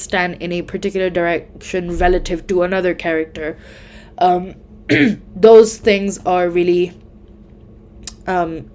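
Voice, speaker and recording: A woman's voice: lowish voice, a little mellow. A young woman giving casual exam tips, chatty and full of fillers, often correcting herself mid-sentence. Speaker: student tutor.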